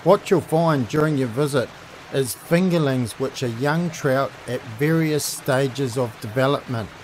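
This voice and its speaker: A man, hosting a fishing show and giving a steady, informative scripted voice-over. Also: mid-range voice, unhurried, a little hiss or hum.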